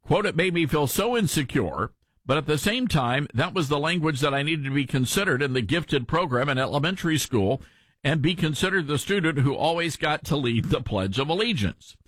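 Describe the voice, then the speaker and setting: Lively mild-Southern radio host man. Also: on the high side, a little fast, husky, no room sound, studio quality. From Tennessee. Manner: lively, folksy, opinionated. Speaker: radio talk show host. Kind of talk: talk radio commentary.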